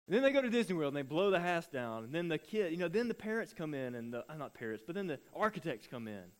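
A man preaching a sermon, telling stories in an animated way and acting out the voices of the people in them. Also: high voice, quick pace, hardly any pauses, smooth. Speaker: pastor.

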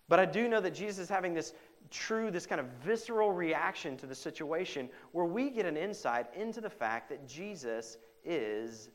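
A pastor delivering a sermon, moving between loud emphatic stretches and hushed, quiet quotations, with conversational asides to the congregation. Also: male voice, fairly high pitch.

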